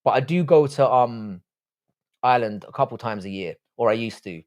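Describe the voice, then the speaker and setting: A man's voice: mid-range voice, expressive, moderate pace. Foul-mouthed man bantering on stream. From England. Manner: profane mock-insult banter. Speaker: live streamer. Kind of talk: casual live-stream chat, reading out chat.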